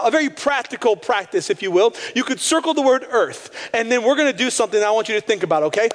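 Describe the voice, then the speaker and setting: A male pastor preaching a sermon with passion, slowing down to stress key phrases. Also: extremely high pitch. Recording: long hall reverb.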